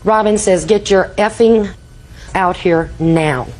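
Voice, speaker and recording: A woman's voice: medium pitch, takes it slowly, a little mellow, low-quality recording. An older woman testifying in a TV courtroom, telling a rambling story and acting out quoted dialogue. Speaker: litigant.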